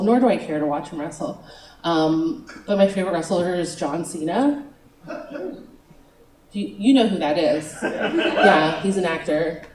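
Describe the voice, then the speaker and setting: A woman's voice: low-pitched, a little mellow, recorded from a distance, slight background noise. Young woman doing stand-up in a roomy venue. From United States. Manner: chatty, self-mocking, giggles between lines. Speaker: stand-up comic. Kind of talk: stand-up comedy set. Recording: roomy venue, picked up from afar.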